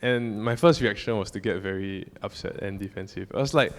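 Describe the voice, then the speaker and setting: A man's voice: lowish voice, brisk, hardly any pauses. A young man tells a personal story as a casual church talk, rambling with many fillers and restarts. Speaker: church speaker. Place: church hall. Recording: long hall reverb.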